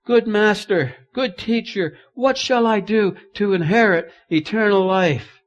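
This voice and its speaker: A man's voice: high-pitched, a little slow, muffled recording, voice pushed up. A man voicing an eager rich young man who pleads with emphatic, rising lines. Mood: pleading.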